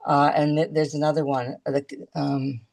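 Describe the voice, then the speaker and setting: A woman talking as a guest in a casual video-call chat, chatty and halting, restarting her sentences often. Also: deep voice, little pitch movement, a little mellow.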